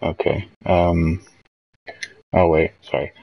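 A man's voice: sits low, fairly even intonation, slow, gravelly, muffled recording. A young man hosting a casual late-night livestream, rambling and hesitant as he reads out chat messages. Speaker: livestream host.

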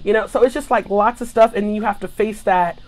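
A woman in her thirties, a guest in a casual chat, telling her stories in an animated, expressive way. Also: medium pitch, a little fast.

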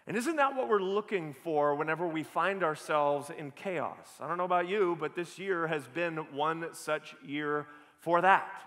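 Male pastor, high voice, earnest sermon, rhetorical questions, long hall reverb. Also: measured pace, fairly bright tone.

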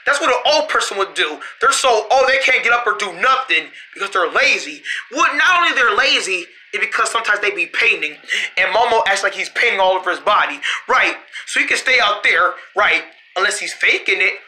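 A storyteller voicing several characters in playful role-play, often laughing and shouting in quick back-and-forth. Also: mid-range voice, animated, low-quality recording.

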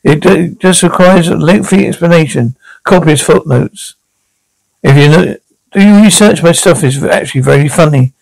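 A man's voice: on the high side, normal speed, gravelly, a little mellow, no room sound, low-quality recording. A man playing a pompous, touchy playwright. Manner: pompous, defensive. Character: fussy male playwright, proud of his verse. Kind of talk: comic audio play reading.

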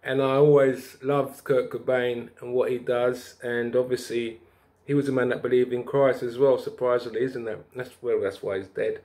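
A man vlogging, telling a rambling spiritual story in a preachy, lively way with bursts of laughter. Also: mid-range voice, normal speed.

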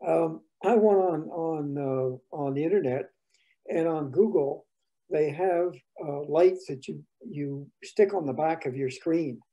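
A man breaking in with a question, halting and hesitant with many restarts. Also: a little high, mellow, lo-fi sound. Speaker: colleague interrupting with a question. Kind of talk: casual conversation.

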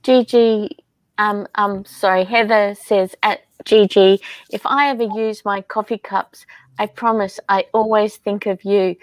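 A woman hosting a casual craft livestream, reading viewer comments aloud in an unhurried, chatty way and laughing often. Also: medium pitch, steady tone, no room sound.

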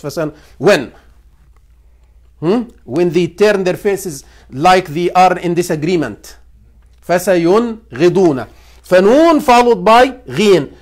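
Teaching Quran recitation rules, this imam has a high voice. He tests his students with questions, says phrases over again and pronounces letters slowly.

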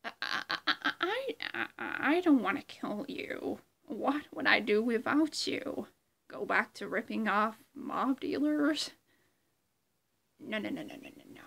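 A woman's voice: a little high, a bit bright, heavily acted. Woman doing a whispering Joker, sinister clown villain. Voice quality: breathy, hissing whisper. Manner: slow, sinister, drawn-out taunting. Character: unhinged male villain clown, menacing and chaotic. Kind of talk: whispered role-play.

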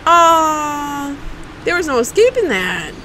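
A woman's voice: mid-range voice, expressive, takes it slowly, a bit bright, a little hiss or hum, poor audio. A woman livestreaming a video game, reacting with curses and chatting to her viewers. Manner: profane, reactive, talks to chat. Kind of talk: casual live gameplay commentary.

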